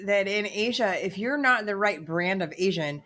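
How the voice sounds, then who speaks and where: A woman's voice: medium pitch, animated, normal speed, fairly bright tone. A woman co-hosting a casual podcast, chiming in with blunt, profane remarks. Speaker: podcast co-host.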